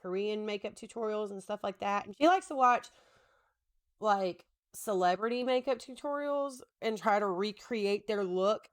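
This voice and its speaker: Rambling woman chatting through her makeup. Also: on the high side. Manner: rambling, self-deprecating, talks to husband between steps. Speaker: makeup vlogger. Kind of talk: casual chatty makeup tutorial.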